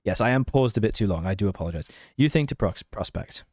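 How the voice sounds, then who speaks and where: A man's voice: fairly low pitch, animated, quick pace, a little mellow, no echo, clean studio sound. A young man streaming a strategy game, chatting casually, mocking himself and answering his chat.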